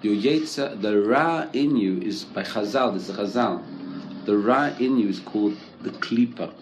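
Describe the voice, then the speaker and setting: A man's voice: on the low side, normal speed, slight background noise. A man giving an informal religious talk as a teacher, conversational, often checking in with "right?" and mixing in Hebrew terms. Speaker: Torah teacher.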